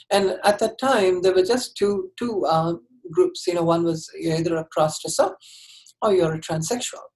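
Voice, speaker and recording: A woman telling her personal story in an interview, candid and earnest, often halting and restarting her sentences. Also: on the low side, a little mellow, low-quality recording.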